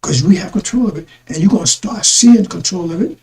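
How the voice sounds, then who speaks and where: A man's voice: sits high, brisk, gravelly, darkish tone, poor audio. A man giving a rambling religious talk to his listeners, repeating himself and calling them brothers and sisters. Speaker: religious broadcaster.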